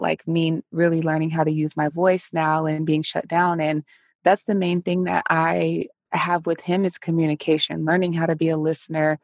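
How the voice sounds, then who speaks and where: A woman's voice: low-pitched, darkish tone, dry recording, studio quality. A woman hosting a casual interview over a call, talking animatedly and acting out quoted dialogue. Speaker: podcast host. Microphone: remote call recording.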